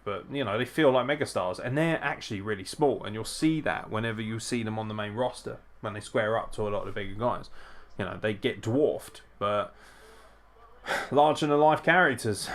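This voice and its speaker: A man with a fairly low-pitched voice hosts a live wrestling watchalong, chatting casually, swearing, and reacting excitedly to the action.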